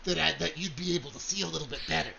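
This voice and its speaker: Man doing a living weapon sidekick: earnest, clueless, apologetic; bright voice, slightly muffled sound. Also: on the high side, very fast, gravelly, a little hiss or hum, full character voice. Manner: naive, apologetic. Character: clumsy, eager living sentient weapon companion.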